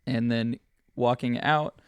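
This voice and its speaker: A man's voice: medium pitch, fairly even intonation, slow pace, smooth, dry recording. A young man hosting a podcast, chatting casually and telling stories with slang, laughing often. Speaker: podcast host. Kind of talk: casual chat.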